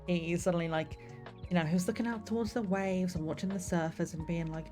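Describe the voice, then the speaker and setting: A woman's voice: sits low, fairly even intonation, fast talker, a little mellow. A young woman streamer chatting casually and rambling about the novel she is writing, with lots of fillers. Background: faint lofi music.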